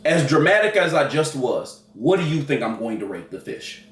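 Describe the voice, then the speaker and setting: A man's voice: medium pitch, big pitch swings, normal speed. A man co-hosting a casual food review, playful and given to dramatic bursts, his voice rising and falling a lot. He sounds a bit distant from the mic in an echoey room. A faint hum of noise sits behind him.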